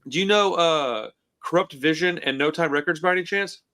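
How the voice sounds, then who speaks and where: A man in his forties hosts a podcast, chatting loosely over a computer call. His voice sits a bit high, and he rambles in a laid-back, profane way. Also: normal speed, bright, forceful tone. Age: 40s. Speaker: podcast host. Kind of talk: casual podcast chat. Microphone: computer call mic.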